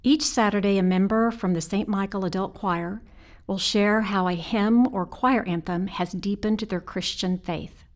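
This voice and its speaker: A woman hosting a podcast, reading a clear, formal introduction of her guest. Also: mid-range voice, a little slow. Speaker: podcast host. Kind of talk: scripted introduction.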